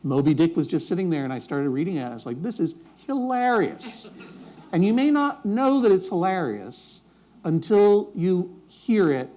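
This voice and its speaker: A man's voice: fairly high pitch, sing-song, normal speed, mellow. Wry, rambling man on stage. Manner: rambling, self-interrupting, wry jokes. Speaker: guest speaker at live Q&A. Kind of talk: live stage conversation. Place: live venue before an audience.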